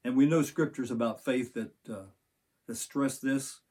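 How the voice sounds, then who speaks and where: Husky older man preaching a sermon. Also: mid-range voice, steady tone, measured pace, darkish tone. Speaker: pastor.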